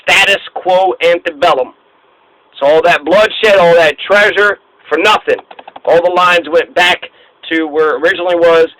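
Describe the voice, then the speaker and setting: A man's voice: high voice, moderate pace, fairly bright tone, rough recording. A man giving an informal history talk in a blunt, profane, sarcastic manner. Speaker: history lecturer.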